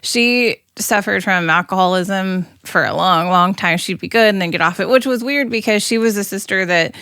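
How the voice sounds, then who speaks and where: A woman's voice: mid-range voice, moderate pace, sharp tone, clean tone, dry recording, studio quality. A woman guest in an interview, earnestly retelling a personal memory with quoted dialogue. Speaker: guest, former law enforcement. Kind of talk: conversational interview, personal storytelling.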